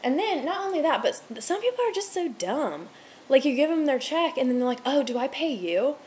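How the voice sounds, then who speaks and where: A twenty-something restaurant server rants to camera from a home room where the TV is on, rambling heatedly and swearing freely. She talks briskly in a high-pitched voice with big pitch swings and a darkish tone. A little hiss or hum is audible.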